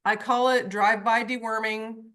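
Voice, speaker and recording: Woman horse coach, bright, a bit high, lively storyteller on a video call. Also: moderate pace. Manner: lively storyteller, acts out voices. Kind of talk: online group coaching call.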